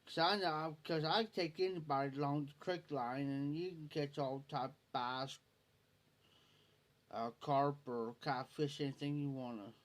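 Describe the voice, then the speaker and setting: A man's voice: on the high side, steady tone, unhurried. A man with a rural Ohio accent telling a folksy story on a late-night stream, laughing as he goes. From Ohio, USA. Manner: folksy, laughing as he tells a yarn. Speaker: livestreamer.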